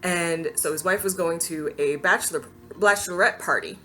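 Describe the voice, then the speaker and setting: A woman vlogger, fairly low-pitched and speaking at a normal speed, tells a personal story straight to camera while faint music plays. Her manner is casual and animated; she laughs frequently and acts out people's words.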